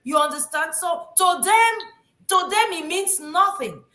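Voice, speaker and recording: A woman hosting a casual discussion, talking haltingly with many fillers and restarts. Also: very high voice, lively intonation, bright, forceful tone. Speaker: talk show host. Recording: echoey room.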